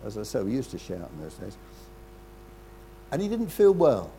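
An older man preaching a sermon in a conversational way, with rhetorical questions and frequent throat-clearing. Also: on the low side, wildly swooping pitch, normal speed, dark tone, slight background noise.

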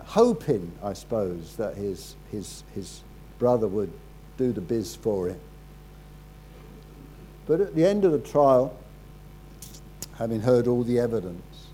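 Slow, low-key preacher man. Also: slight background noise, poor audio. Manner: halting, repeats words, drops low and quiet for serious moments. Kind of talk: sermon storytelling.

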